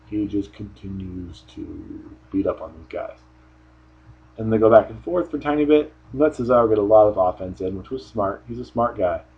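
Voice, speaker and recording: A man with a husky, slightly low voice talks through his opinions in a loose, offhand way, often restarting sentences. The sound is dull and lo-fi, like a home recording. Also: fairly quick. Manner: rambling, offhand, frequent restarts. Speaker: wrestling show reviewer. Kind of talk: casual solo review commentary.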